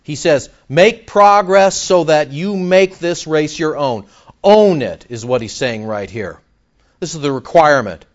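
High, lively preaching man. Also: highs cut off. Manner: animated, with sudden loud outbursts and mock dialogue. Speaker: pastor. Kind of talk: sermon. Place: church.

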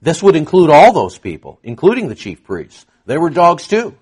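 A man preaches an expository sermon, reading verses aloud and acting out their dialogue with animation and frequent fillers. His voice is husky and fairly high, at a moderate pace.

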